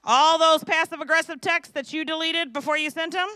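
A woman in her fifties from St. Louis preaching a sermon, lively and joking, often asking the crowd questions. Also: sits high, fairly quick, no echo. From St. Louis, USA. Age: 50s. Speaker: preacher and kindergarten teacher.

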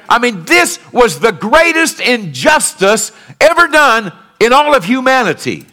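A male pastor preaching a sermon, calling out to the congregation for responses and swinging between fervent peaks and quiet lows. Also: very animated, unhurried. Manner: rises to fervent emphatic peaks, then drops low and quiet.

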